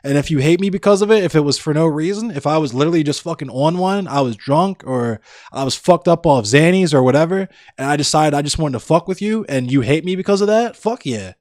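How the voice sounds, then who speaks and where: A man's voice: on the high side, lively intonation, fast, a little mellow, dry recording, clean studio sound. A young man livestreaming, chatting casually with viewers in a blunt, profane, ranting way. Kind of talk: casual chat with live viewers.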